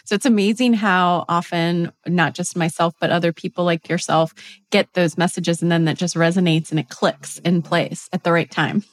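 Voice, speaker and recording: A woman's voice: fairly low pitch, steady tone, no echo. A woman hosting a podcast, agreeing with her guest and laughing easily in casual conversation. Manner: warmly agreeing, quick to laugh. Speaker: podcast host.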